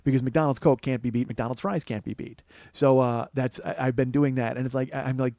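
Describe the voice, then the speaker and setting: A man's voice: mid-range voice, brisk, dark tone, no room sound. A man hosting a podcast, telling a rambling, profane comic story that gets more and more worked up. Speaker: podcast host. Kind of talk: comedic storytelling monologue.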